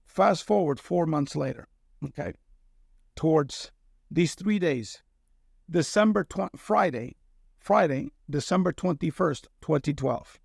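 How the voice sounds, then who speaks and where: A middle-aged man from Cuba with a gravelly, somewhat raised voice, telling a personal story as a guest. He speaks earnestly and keeps checking in with his listener with a quick "okay?". The sound is close and dry. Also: on the high side, lively intonation, no room sound. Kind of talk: casual storytelling in conversation.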